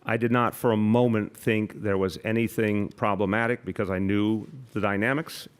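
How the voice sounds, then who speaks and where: Male official at a podium, defensive and repetitive, lower voice. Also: fairly even intonation, normal speed, smooth. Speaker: city official. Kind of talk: press conference explanation.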